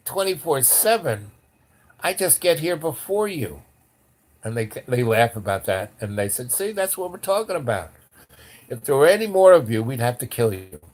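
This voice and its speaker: An older man telling a rambling personal story in casual talk, with many restarts, acting out the voices of the people he quotes. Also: mid-range voice. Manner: animated, acts out quoted voices.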